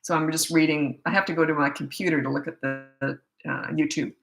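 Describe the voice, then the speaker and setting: Brisk, direct Canadian woman coaching parents. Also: low-pitched, steady tone, creaky, a bit bright, faint music behind. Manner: brisk, direct, reads viewer questions aloud. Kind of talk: live Q&A, casual advice. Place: room at her computer. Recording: echoey room.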